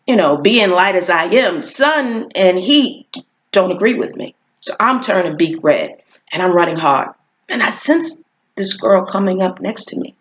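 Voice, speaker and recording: A woman telling a personal story as a motivational speaker, earnest and encouraging, acting out voices along the way. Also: mid-range voice. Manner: animated, acts out voices in her story.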